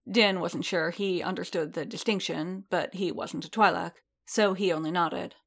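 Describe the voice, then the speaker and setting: A woman reading a story aloud in a measured, steady narrating manner. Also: lowish voice, creaky.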